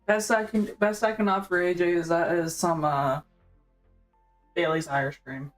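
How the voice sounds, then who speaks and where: A woman's voice: lowish voice, fairly even intonation, moderate pace, soft background music, poor audio. A woman co-hosting a reaction stream, chatting bluntly and casually. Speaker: co-host.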